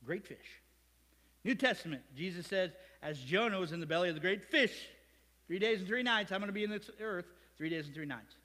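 A male pastor from Ohio preaching a sermon in a church, lively and conversational, with asides to the congregation. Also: high voice, brisk, long reverb tail. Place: church sanctuary.

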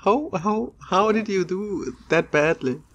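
A man's voice: sits high, takes it slowly, a bit bright. A man hosting a casual gaming session, reacting with incredulous, laughing, swearing banter to his friends. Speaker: gaming channel host.

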